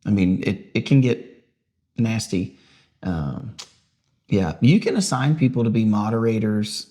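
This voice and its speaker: A man's voice: lowish voice, lively intonation, measured pace, mellow. A man co-hosting a podcast in casual chat, rambling with lots of fillers. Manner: rambling, uses many fillers. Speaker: podcast co-host.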